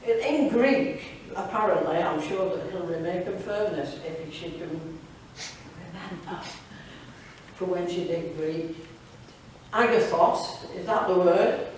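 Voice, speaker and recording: Reading a story aloud with friendly asides, a woman leads a devotional talk at a church fellowship evening in a church hall. Her voice is lowish, dark-toned, and unhurried. A distant mic in the very echoey hall also catches slight background noise.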